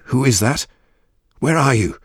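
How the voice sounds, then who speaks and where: A man's voice: sits low, big pitch swings, normal speed, a little mellow, no echo, studio quality, pitched above the performer's own voice. A man doing a stern, commanding woman judge. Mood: frightened. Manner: commanding, threatening, firm. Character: stern famous female Crown Court judge.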